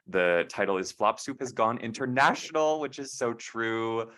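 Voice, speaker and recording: A man's voice: medium pitch, expressive, moderate pace, a bit bright. A young man co-hosting a podcast in casual chat, rambling and hesitant with many fillers and restarts. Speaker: podcast co-host.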